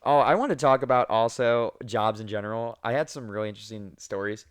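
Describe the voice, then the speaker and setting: A young man hosts a casual podcast, telling his stories in a loose, animated way with plenty of swearing. His voice sits at an ordinary middle pitch for a man. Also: fairly quick, clean tone, no echo. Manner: profane, animated storyteller. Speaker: podcast host.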